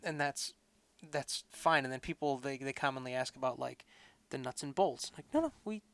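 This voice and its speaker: A man's voice: mid-range voice, normal speed, vocal fry, no room sound. A man co-hosting a podcast, chatting casually and rambling with lots of fillers. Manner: relaxed, rambling with many fillers. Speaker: podcast co-host. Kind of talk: casual chat.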